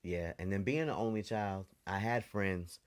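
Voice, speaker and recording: A man's voice: low voice, normal speed, a crowd in the background. A man co-hosting a podcast, telling candid stories from childhood in a loose, casual way. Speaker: podcast co-host. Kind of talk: casual chat.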